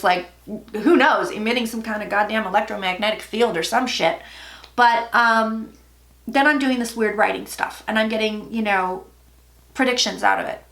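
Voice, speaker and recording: A woman who works as a psychic, casually telling her own story in a candid, profane, animated way. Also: on the high side, roomy sound.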